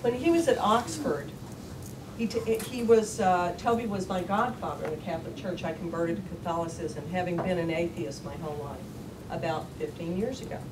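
A woman with a slightly low voice speaks candidly on a writers' panel, dropping curses and laughing easily. She is heard from off-mic, with roomy echo and steady noise around her. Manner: frank and salty, cussing freely, quick to laugh. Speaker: panelist, memoir author. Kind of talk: casual panel talk. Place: lecture hall at a public panel. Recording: distant, echoey, noisy hall recording.

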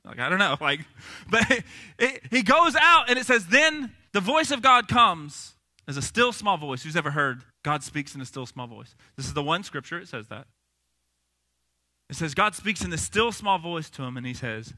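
A young man preaching a sermon, retelling a Bible story in a casual, animated way with slang. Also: high voice, normal speed. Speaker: pastor.

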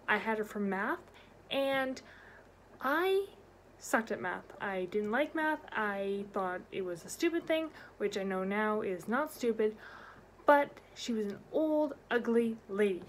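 Woman vlogger, storytime, expressive and animated, higher pitch. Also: slight background noise. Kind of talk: storytime vlog.

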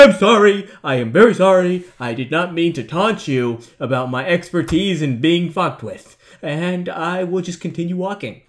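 A young man giving rambling, jokey commentary on a horror game, breaking into nervous outbursts. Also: fairly high pitch. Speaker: gaming YouTuber.

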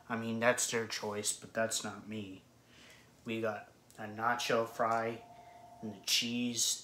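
Slow, flat-voiced man in an echoey room. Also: fairly low pitch. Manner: blunt, swears freely, complains. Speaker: food vlogger. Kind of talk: casual eating vlog. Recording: echoey room with faint background noise.

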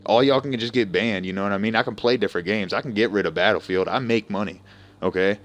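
Profane, combative low-voiced streamer man. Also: fast talker. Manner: profane, confrontational, trash-talking. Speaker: game streamer. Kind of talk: live game-stream rant at chat.

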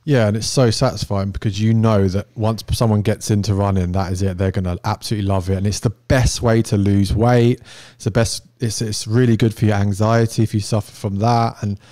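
A man's voice: lowish voice, steady tone, fairly quick, dark tone, no room sound, studio quality. A young man in casual chat, speaking eagerly and explaining with vivid everyday comparisons. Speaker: podcast co-host.

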